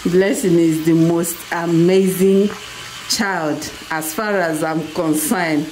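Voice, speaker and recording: A Nigerian woman filming a casual family vlog at home, gently coaxing her child and laughing often. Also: fairly low pitch, fairly even intonation, takes it slowly, a little hiss or hum, low-quality recording. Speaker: family vlogger, mother.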